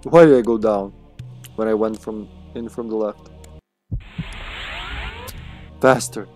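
A man's voice: lowish voice, fairly even intonation, normal speed, a little mellow, soft background music. A man streaming a game, chatting casually, swearing freely and yelping when his character is hit. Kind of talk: casual gameplay commentary.

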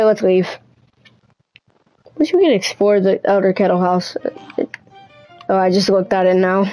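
Casting: casual woman game streamer, chatty, warm mellow tone, faint music behind. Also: medium pitch, rough recording. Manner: chatty, scattered, with "anyway" asides. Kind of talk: casual gameplay commentary.

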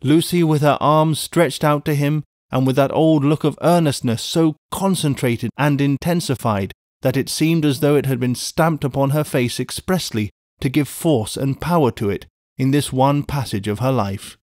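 A man narrating a classic novel as an audiobook in a measured, even reading. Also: medium pitch, no room sound, clean studio sound. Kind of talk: scripted narration.

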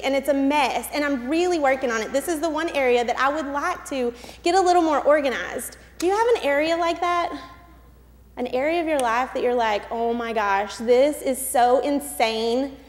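A woman's voice: high voice, long reverb tail. A woman in her thirties telling a chatty, self-deprecating personal story to a church congregation. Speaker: church speaker. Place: church hall.

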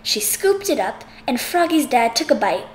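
A woman reading a children's picture book aloud, expressive and sing-song. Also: fairly high pitch, moderate pace, roomy sound, a little hiss or hum. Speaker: audiobook reader. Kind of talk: children's story read aloud.

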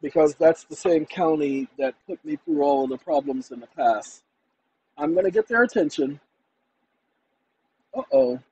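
A man's voice: on the high side, a little slow, long pauses, a little mellow, breathy edge, rough recording. A man hosting his own channel, talking to viewers in an emphatic, combative, colloquial monologue. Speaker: channel host.

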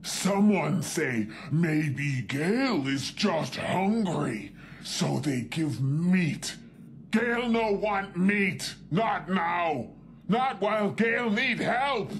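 A woman's voice: on the low side, animated, extremely slow. A woman voicing a big, short-tempered female super mutant in a video game, talking in broken, simple sentences and calling herself by name. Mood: furious.

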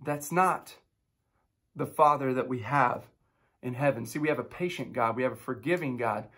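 A man's voice: mid-range voice, normal speed. A man in his thirties, a pastor giving a devotional sermon, telling a family story in a conversational, upbeat way before turning to scripture. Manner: storytelling with animated impressions of his kids.

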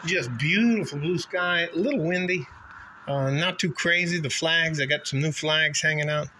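Animated, profane man ranting to his viewers. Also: a little high, moderate pace, reverberant, slight background noise. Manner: animated, blunt and profane storytelling. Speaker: vlogger addressing his viewers. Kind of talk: casual rant vlog.

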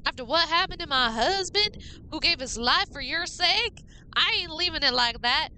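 A woman's voice: high voice, lively intonation, moderate pace, sharp tone, slight background noise, voice pushed up, full character voice, poor audio. A woman reading a note aloud in a put-on drawl as an indignant widow who demands money.

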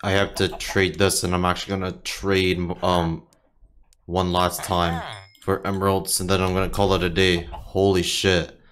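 A man's voice: low voice, flat delivery, normal speed, clear, resonant tone. A young man giving casual gameplay commentary, frustrated and swearing often. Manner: frustrated, swears a lot, swings into loud outbursts. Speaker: gaming streamer.

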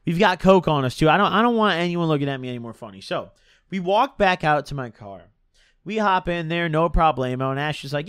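A young man spins a rambling, slangy story, his pitch bouncing up and down as he goes. His voice sits a touch high for a man. The sound is dry and close, with no room echo. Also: expressive, fairly quick, fairly bright tone, clear, resonant tone. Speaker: streamer. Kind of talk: casual storytime.

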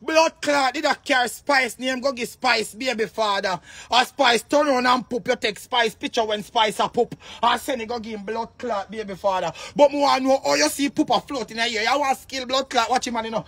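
An online personality with a Jamaican Patois accent rants in a video monologue, his very high voice threaded with gravelly fry. Loud and combative, he swears freely and breaks into shouts at a moderate pace with few pauses. The sound is dry, with no room sound.

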